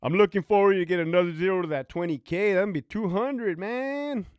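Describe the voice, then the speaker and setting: Man, casual livestream chat, profane, high voice, dry sound. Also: brisk, clean tone, no echo, lo-fi sound. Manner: animated, profane, reads out viewer comments. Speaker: livestream host, former prison officer.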